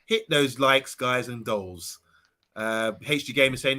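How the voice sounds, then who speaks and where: A man hosting a live stream, chatty, reading viewer messages aloud and trailing off softly. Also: mid-range voice, unhurried. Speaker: stream host reading chat.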